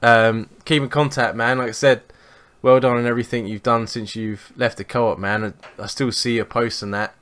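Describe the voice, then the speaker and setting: A young man, co-hosting a podcast and telling sweary, animated anecdotes in casual chat. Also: medium pitch, moderate pace. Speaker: podcast co-host.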